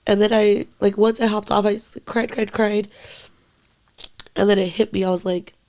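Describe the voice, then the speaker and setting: A young woman co-hosting a casual podcast, speaking haltingly with lots of "like" and swearing, quiet and emotional, at times dropping to near-whispers. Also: medium pitch, little pitch movement, slight background noise. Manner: halting, full of "like" and frequent swearing. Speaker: podcast co-host.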